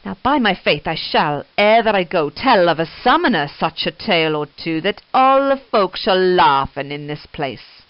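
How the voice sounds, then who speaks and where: A woman's voice: on the low side, sing-song, moderate pace, hardly any pauses, dry recording. A woman reading as a mocking medieval friar. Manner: forceful, mocking verse delivery. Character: boastful medieval male friar, sharp-tongued. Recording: dull lo-fi recording.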